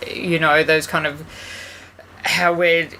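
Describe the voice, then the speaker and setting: A woman's voice: low-pitched, flat delivery, slow pace, bright, forceful tone, a little hiss or hum. A woman co-hosting a podcast, chatting bluntly about films and swearing casually. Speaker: podcast co-host. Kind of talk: casual film review chat.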